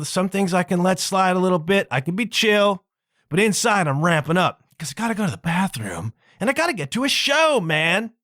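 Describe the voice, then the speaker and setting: A man telling a rambling road-trip story on his podcast, his voice swooping up and down as he exclaims and drags out words for effect. The tone sits a bit high for a man and sounds close and dry, with no room around it. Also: dry recording. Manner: animated, exclaiming, drawn-out words for emphasis. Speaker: podcast host. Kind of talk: casual storytelling monologue.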